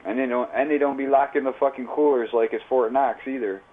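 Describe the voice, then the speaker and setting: A man's voice: medium pitch, fairly even intonation, fairly quick. Profane rambling man. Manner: profane, rambling, heavy on slang and fillers. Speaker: live streamer. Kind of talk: casual storytelling. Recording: tinny phone-like audio.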